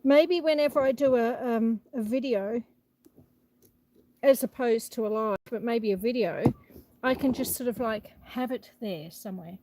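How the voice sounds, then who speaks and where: A woman's voice: fairly high pitch, a little slow, dark tone, a little hiss or hum, rough recording. Breathless, chatty woman live-streaming outdoors. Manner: chatty, reads out viewer comments. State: a bit out of breath. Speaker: homestead livestream host. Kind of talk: casual live-stream chat. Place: outdoors on a rural property. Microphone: phone held for live stream.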